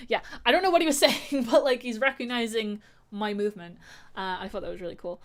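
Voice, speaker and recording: Chatty woman vlogger, rambling and quick. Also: medium pitch, lively intonation. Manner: rambling, many fillers and restarts. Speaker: vlogger and amateur fighter. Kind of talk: casual chat.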